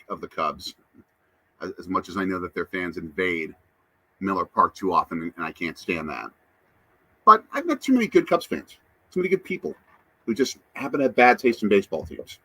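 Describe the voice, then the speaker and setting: A man's voice: sits low, pushed and bright, breathy edge. A man hosting a casual live stream, chatting to viewers and reading out their comments. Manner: chatty, answers chat comments. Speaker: livestream host.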